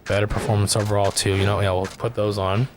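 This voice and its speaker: Give me a relaxed man rambling casually while streaming a game. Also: fairly low pitch, quick pace, music in the background.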